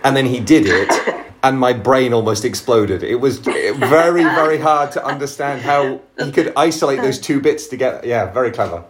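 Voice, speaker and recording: A male podcast host with a mid-pitched voice who talks in a loose, rambling way. He often restarts and repeats words while chatting. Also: normal speed. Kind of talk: casual conversation.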